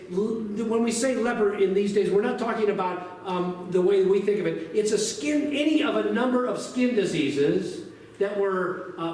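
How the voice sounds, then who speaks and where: A man preaching a sermon to his congregation in a lively, conversational way, asking them questions as he goes. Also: sits high, recorded from a distance. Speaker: pastor. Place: church sanctuary. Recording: very echoey church recorded from afar.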